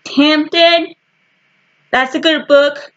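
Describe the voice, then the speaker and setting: A woman casually showing her book collection to the camera, talking in short halting fragments with frequent restarts. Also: high voice, steady tone, a bit bright, muffled recording. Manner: slow and rambling. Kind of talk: casual chat.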